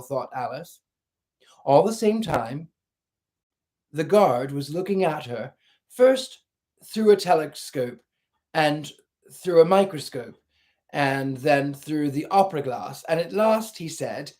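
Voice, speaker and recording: Man reading a storybook aloud, higher voice. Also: measured pace. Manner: expressive, shifts into character voices.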